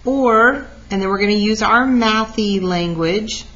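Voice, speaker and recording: A woman teacher of middle pitch explains math step by step, with a lively, animated delivery. The recording is dull and lo-fi. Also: measured pace. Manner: lively, talks through steps aloud.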